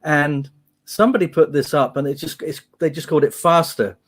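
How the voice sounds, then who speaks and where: This guest musician talks briskly in a fairly high-pitched voice, reminiscing on a video call. His stories come out chatty and full of restarts, with quotes from other people.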